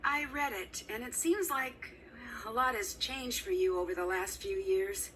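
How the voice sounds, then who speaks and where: A woman's voice: on the high side, animated, a little slow, fairly bright tone. A woman voicing an eager young female detective in a mystery game, polite and earnest, captured as game audio from a distance with faint noise. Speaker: game character.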